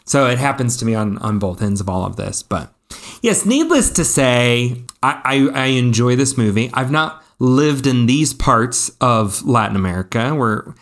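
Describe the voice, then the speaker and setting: A man's voice: mid-range voice, expressive, normal speed, fairly bright tone. A man in his thirties co-hosting a podcast, with a mid-range voice. He tells stories in a loose, rambling way, full of likes and restarts. He sounds casual and chatty. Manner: rambling storyteller, many fillers and restarts. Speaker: podcast co-host. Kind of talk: casual chat.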